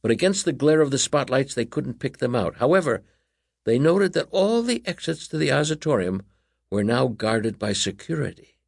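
A man reading a children's story aloud as narrator, in an animated, expressive way. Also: mid-range voice, normal speed, creaky, breathy edge, no echo, studio quality.

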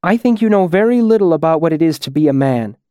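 A man voicing an earnest, compassionate young woman in a storybook reading, speaking with gentle resolve. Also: fairly high pitch, lively intonation, fast, dry recording, clean studio sound, pitched above the performer's own voice, close to an everyday voice. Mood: resolute.

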